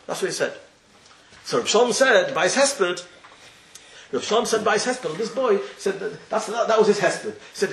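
In an echoey space with a light hiss in the background, a rabbi with a fairly high, slightly bright voice tells a wordy Torah story in an animated way. He talks in quick bursts, rambles and repeats himself, and performs what the characters say.

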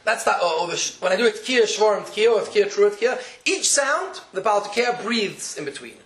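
High-voiced man teaching in an echoey room. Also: very animated, normal speed, fairly bright tone. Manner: methodical, repeats steps to explain. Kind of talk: religious law class lecture.

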